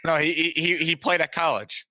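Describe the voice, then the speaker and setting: A man hosting a comedic sports talk show, teasing his callers with quick banter. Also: on the high side, pushed and bright, no echo.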